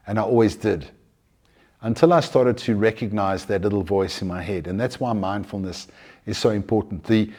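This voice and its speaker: Earnest man talking animatedly. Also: fairly low pitch. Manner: earnest, animated, with many restarts. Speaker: mindfulness speaker. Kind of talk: conversational talk.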